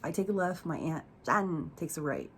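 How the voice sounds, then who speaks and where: A woman's voice: sits low, expressive, normal speed, gravelly, fairly bright tone, a little hiss or hum. A young woman telling a candid personal story on her vlog, profane and emotional, rambling with fillers.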